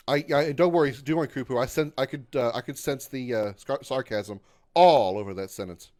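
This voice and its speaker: A man in his thirties talks loosely to his stream while he plays. He is sarcastic, swears freely, reads viewers' messages aloud, and yelps loudly when his character is in danger. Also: medium pitch, moderate pace, pauses often. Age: 30s. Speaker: gaming livestreamer. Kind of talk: casual gaming stream chat.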